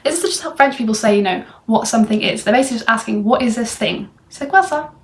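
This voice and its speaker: A woman's voice: on the high side, fast talker. A young woman from England giving a casual French phrase lesson, chatty and full of fillers. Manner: chatty, many fillers like "like" and "you know". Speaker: French tutor. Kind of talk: casual language lesson video.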